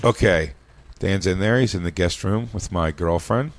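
A man's voice: sits low, moderate pace, dry recording. An American man co-hosting a podcast, trading crude jokes and laughing often in casual banter. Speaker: podcast co-host. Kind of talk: casual studio chat.

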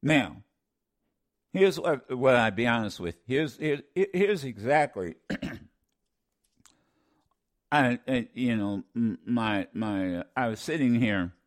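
A man's voice: mid-range voice, lively intonation, takes it slowly, long pauses. A man hosting a talk radio show, commenting with passion, often stammering and restarting, repeating lines for emphasis like a preacher.

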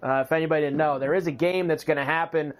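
A man co-hosting sports radio, talking in a relaxed way with lots of "uh" fillers. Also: on the high side, quick pace. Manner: relaxed, filler-heavy talk with frequent "uh". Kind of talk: casual sports talk.

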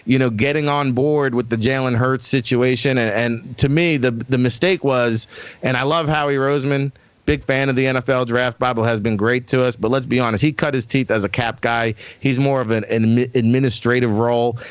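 A man breaks down football picks as a guest analyst. He talks emphatically and with strong opinions, often restarting his sentences. His voice is mid-pitched and sounds dry and close. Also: fairly even intonation, a little fast, clear, resonant tone, no room sound. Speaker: weekly draft analyst guest. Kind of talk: casual sports talk.

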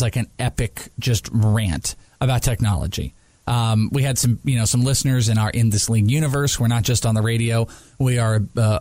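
A man hosting a sports talk podcast, telling stories in casual banter, acting out quotes in a raised voice and laughing often. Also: no room sound. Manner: animated storyteller, acts out quotes in a high voice, laughs often. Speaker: podcast and radio host.

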